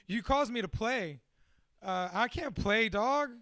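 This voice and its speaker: A young man with a high, forceful voice speaks candidly to a small audience about his past. He swears freely, mocks himself and laughs often. The sound is dry and close, with no room echo. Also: expressive, takes it slowly. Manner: profane, self-deprecating, laughs often. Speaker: motivational speaker.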